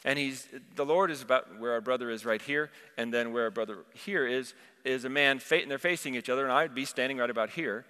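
A man's voice: medium pitch, a little fast, few pauses, pushed and bright, smooth. A man preaching a sermon, telling a personal vision story and quoting scripture with passion. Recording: long hall reverb.

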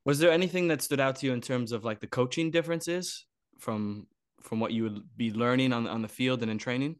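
A man's voice: medium pitch, brisk, clean tone, dry recording. Chatty American man on a dry mic. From United States. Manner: friendly, chatty, asks long questions. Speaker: host. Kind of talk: casual interview chat.

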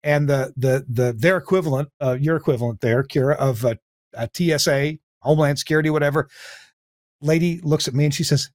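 A man hosting a casual talk show, with a voice pitched a bit high for a man. He speaks haltingly and keeps restarting his sentences. The sound is dry and close. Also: no room sound. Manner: halting, full of uh fillers and restarts, laughs often. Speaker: host.

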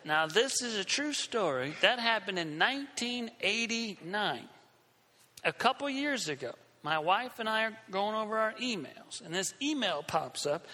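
Animated high-voiced preacher in echoey hall. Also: male voice, measured pace. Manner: animated, acts out scenes with shifting voices. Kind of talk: storytelling sermon.

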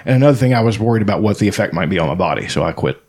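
A man's voice: fairly low pitch, lively intonation, very fast, a little mellow, husky. A man in casual chat among friends, rambling and swearing freely. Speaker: podcast co-host.

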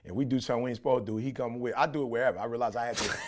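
A man's voice: medium pitch, steady tone, racing. A middle-aged man from Detroit, a podcast co-host talking in a passionate, preachy way. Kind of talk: casual podcast chat.

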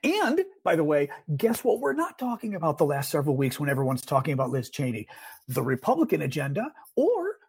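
Husky middle-aged man, animated political talk. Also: fairly high pitch. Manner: animated, exasperated, quick asides. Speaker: podcast co-host. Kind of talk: casual political chat.

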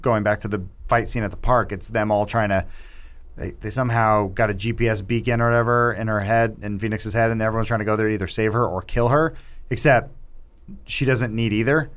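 A man's voice: fairly low pitch, steady tone, brisk, a bit bright. A man co-hosting a movie podcast, talking casually and joking about scenes, laughing at his own lines. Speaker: podcast co-host.

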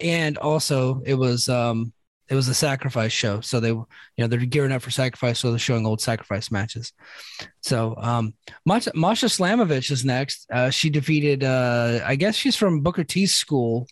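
A man talking loosely through a wrestling recap, full of fillers and easy laughs. His voice sits at an ordinary middle pitch. The sound is close and dry, with no room around it. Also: normal speed, dry recording. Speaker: podcast co-host recapping wrestling. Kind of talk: casual chat.

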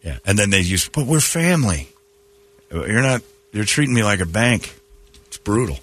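A man with a husky but bright voice hosts morning radio and talks bluntly. His pitch swings widely as he jokes and reads listener mail aloud. He sounds low-pitched and animated. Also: normal speed. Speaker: radio show host. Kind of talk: casual morning radio banter.

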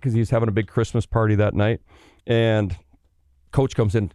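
A middle-aged man from Canada, a former pro hockey player, telling stories in a casual, animated way, swearing freely and acting out the people he quotes. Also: medium pitch, normal speed, smooth, no echo, studio quality. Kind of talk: casual storytelling.

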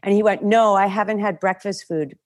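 A woman's voice: mid-range voice, fairly quick, no room sound. A middle-aged woman, a writer and actor, telling stories from making her films in a casual podcast chat, acting out quotes. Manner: animated storyteller, acts out quotes.

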